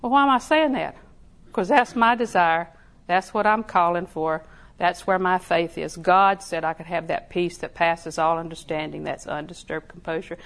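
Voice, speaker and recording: A woman's voice: fairly low pitch, fairly even intonation, moderate pace, few pauses. Folksy woman preaching. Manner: folksy, laughing, repeats phrases softly. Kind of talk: sermon.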